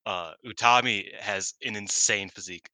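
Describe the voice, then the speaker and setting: A man co-hosting a podcast in casual chat, excited and laughing as he talks. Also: on the low side, normal speed, no echo. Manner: excited, laughing, swearing freely. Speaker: podcast co-host.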